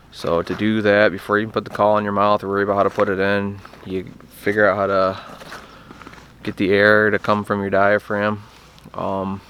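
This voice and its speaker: Low, flat-voiced man teaching outdoors. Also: a little hiss or hum. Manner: relaxed, plainspoken, self-deprecating, with fillers. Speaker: hunting call instructor. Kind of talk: casual outdoor how-to. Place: outdoors in bright sun.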